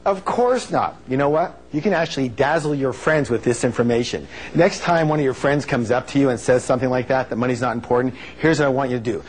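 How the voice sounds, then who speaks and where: Speaking quickly at a medium pitch with barely a pause, this man runs a live motivational seminar over slight background noise. He jokes, stresses his points, and quizzes listeners, prompting them to repeat his phrases.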